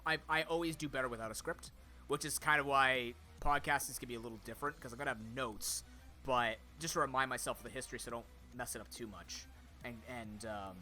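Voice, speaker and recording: Bright and forceful in a mid-range voice, a young man with a sore throat streams casually. This content creator rambles off the cuff, full of fillers and restarts, addressing both his chat and friends who are off-mic.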